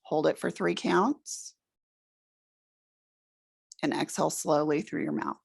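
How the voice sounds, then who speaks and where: A middle-aged woman leading a room through a guided relaxation exercise, giving slow, soothing instructions. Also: deep voice, fairly even intonation, creaky, husky. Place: presentation room with an audience.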